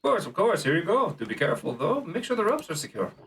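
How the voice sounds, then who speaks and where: A man voicing an eager, fussy male craftsman in a video game, speaking in a high, pinched, fluttery voice. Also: big pitch swings, fast, recorded from a distance, heavy background noise. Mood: obliging.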